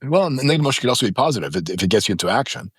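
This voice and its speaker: Animated storytelling man in his fifties. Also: medium pitch, racing, breathy edge, no room sound, studio quality. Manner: emphatic, dramatizes stories with quoted voices. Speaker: podcast guest. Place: podcast studio.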